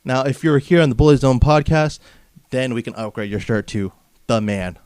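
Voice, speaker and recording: A man's voice: mid-range voice, normal speed, darkish tone, clear, resonant tone, no echo, clean studio sound. A man from Southern California hosting a comedic wrestling podcast, brash and mocking, padding his rants with filler phrases. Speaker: podcast host.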